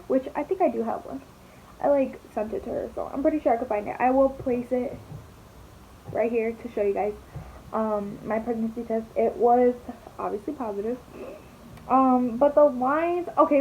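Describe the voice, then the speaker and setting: This young adult woman vlogs while doing her makeup, telling a story in a chatty, dramatic way, swearing and saying "like" constantly. Her voice is on the high side, a little mellow, at a moderate pace. The recording is slightly dull with a faint hiss.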